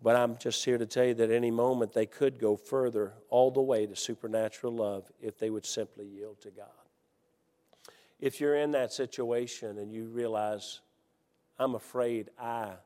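A man preaching a sermon, telling a story with lively energy and reading scripture more calmly. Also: mid-range voice, moderate pace. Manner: animated, loud storytelling with laughs, then calmer scripture reading. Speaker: Baptist preacher. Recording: hall reverb.

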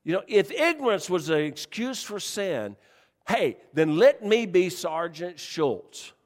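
A man's voice: high voice, sing-song, slow pace, big-room sound. A man preaching a sermon, telling folksy stories and joking with his congregation. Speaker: pastor.

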